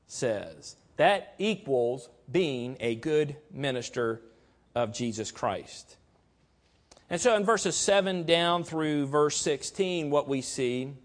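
A man preaching a sermon, emphatic and deliberate, slowing down to stress key words. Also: on the high side.

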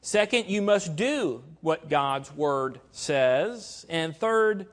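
A man preaching a sermon, emphatic and deliberate, slowing down to stress key words. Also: a little high, animated.

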